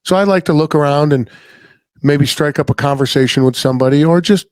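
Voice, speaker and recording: A man's voice: on the high side, fairly quick, smooth, no echo. A middle-aged man hosting a podcast, telling a story in a blunt, rambling, folksy way and swearing freely. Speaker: podcast host. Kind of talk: casual storytelling chat.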